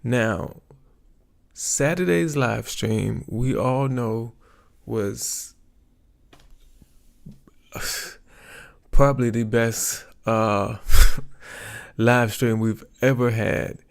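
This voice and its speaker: A man hosting his livestream in a relaxed, rambling way, often pausing to search for words. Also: medium pitch, creaky. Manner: rambling, chatty, searches for words with many ums. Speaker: YouTube livestream host. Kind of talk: casual livestream chat.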